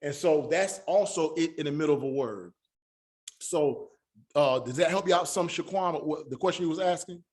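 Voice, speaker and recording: A man with a slightly high voice teaches a Hebrew lesson. He is patient and repeats each word slowly so his students can follow. His speech is casual and Southern-tinged, with "y'all" and an easy pace. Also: darkish tone. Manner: patient, repeats words slowly to drill pronunciation. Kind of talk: classroom lesson.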